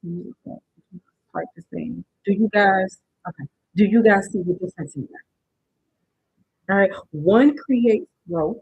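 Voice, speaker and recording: A woman's voice: medium pitch, steady tone, measured pace, gravelly, long pauses, breathy edge, no room sound, lo-fi sound. A woman hosting a live-stream motivational workshop, talking conversationally and often checking in with her viewers with "right?". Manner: conversational, keeps asking "right?" to the chat; addresses viewers directly and checks they understand. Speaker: workshop host.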